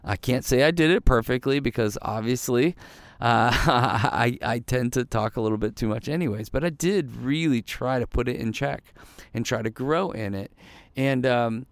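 Man, devotional podcast host, earnest, rambling, crisp voice, dry sound. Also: medium pitch, moderate pace, no echo. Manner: earnest, rambling with restarts and repeats. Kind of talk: casual devotional podcast talk.

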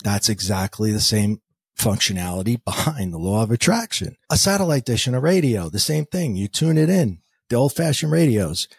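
A man's voice: mid-range voice, big pitch swings, moderate pace, vocal fry, slightly rough, dry recording. A man, a podcast guest telling a story and acting out the dialogue. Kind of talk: storytelling interview talk.

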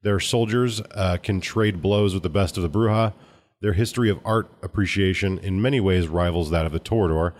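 Deep-voiced male podcast co-host. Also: darkish tone. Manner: reads listener letters aloud, measured. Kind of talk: casual podcast chat.

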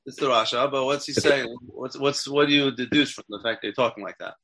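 A man's voice: medium pitch, a little fast, creaky, a loud crowd. A man teaching a text class as a rabbi, asking his students questions and checking in with them often. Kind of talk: interactive Torah class.

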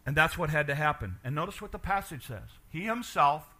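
A man preaching a sermon as pastor, animated and asking his congregation questions, dropping quiet for emphasis. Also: fairly high pitch, fairly quick.

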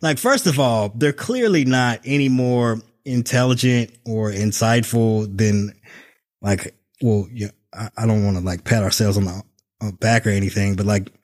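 A man's voice: on the low side, moderate pace. A man co-hosting a podcast over a video call, talking in a casual, profane, sarcastic way and laughing often. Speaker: podcast co-host. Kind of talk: casual political chat.

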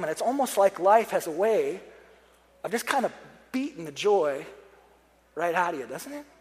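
Young male preacher, high voice, chatty sermon with jokes and earnest prayer; long hall reverb. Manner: conversational, joking asides, earnest prayer passages. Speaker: pastor.

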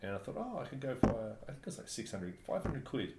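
A man from New Zealand telling travel stories in casual chat, animated and laughing often. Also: mid-range voice, fast. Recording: echoey room, faint background noise.

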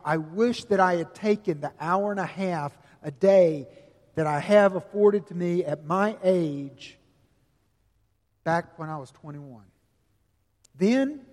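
An older man preaching a sermon, earnest and folksy, telling stories with slow, emphatic stretches. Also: sits high, darkish tone. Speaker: pastor. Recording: long reverb of a large hall.

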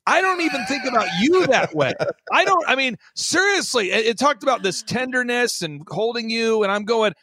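A man hosting a talk show, telling stories with lots of energy, emphatic and swinging between loud exclamations and low mocking impressions. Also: expressive, moderate pace, breathy edge, dry recording. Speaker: podcast host. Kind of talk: animated storytelling chat.

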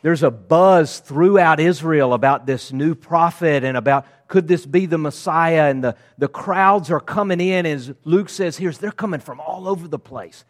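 A man preaching a sermon, lively and conversational, acting out voices of the crowd and disciples in casual asides. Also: fairly high pitch, moderate pace, hardly any pauses. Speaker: pastor.

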